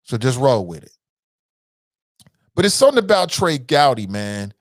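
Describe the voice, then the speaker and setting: A man's voice: mid-range voice, normal speed, no room sound. A man hosting a news commentary show, giving blunt, profane opinions in a casual chat style and speaking straight to his viewers. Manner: blunt, profane, animated, talks to viewers as "fam".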